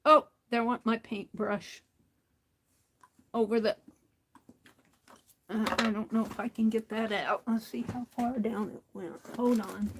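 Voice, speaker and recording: A woman chats slowly to herself while making crafts, her slightly high voice often sinking to a soft murmur. A faint hiss of noise sits behind her. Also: steady tone, poor audio. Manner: slow, muttering to herself, drops to soft near-whispers. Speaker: craft livestream host. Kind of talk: casual craft talk while working.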